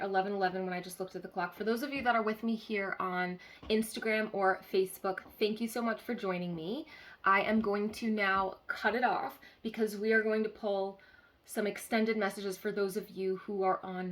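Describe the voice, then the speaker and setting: A woman's voice: medium pitch, a bit bright. A woman giving a live-streamed channeled card reading as a spiritual healer, earnestly repeating key phrases and checking in with listeners.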